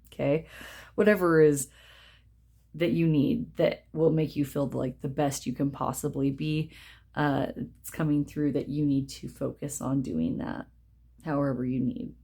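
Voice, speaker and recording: Casting: young woman, low voice, chatty reassuring card reader speaking to camera at home. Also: gravelly, warm tone. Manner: chatty, reassuring, reads card titles aloud. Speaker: tarot reader. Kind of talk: casual card reading to camera. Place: indoors at home.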